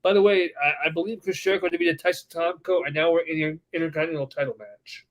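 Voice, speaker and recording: A man with a slightly high voice tells a story on a casual podcast. He is animated and acts out the people in it as he goes. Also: quick pace. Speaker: podcast co-host. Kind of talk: casual chat.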